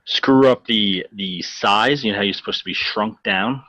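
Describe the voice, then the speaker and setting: A man's voice: lowish voice, normal speed, pushed and bright, dry recording. A man co-hosting a podcast, chatting in an easygoing way and laughing often. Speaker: podcast co-host. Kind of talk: casual chat. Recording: dull, lo-fi mic.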